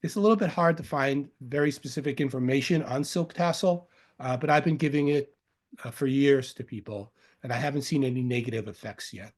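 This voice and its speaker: Speaking fairly quickly in a mid-range voice, a Long Island native with a faint accent from there teaches about medicinal herbs. It's a loose, informal lecture full of jokes, fillers, and self-corrections.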